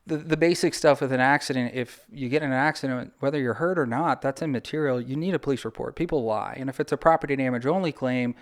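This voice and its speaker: A man, a personal injury attorney talking through advice as a guest in a casual podcast interview, animated and chatty with lots of filler words. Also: medium pitch, quick pace, few pauses. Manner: animated, talks things through with lots of "like" and acted-out quotes.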